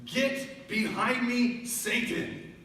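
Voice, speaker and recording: A man voicing Jesus as a calm, stern teacher speaking firmly and measuredly. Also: very high-pitched, extremely slow, slight background noise, voice pushed up, heavily acted. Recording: echoey church hall from far off.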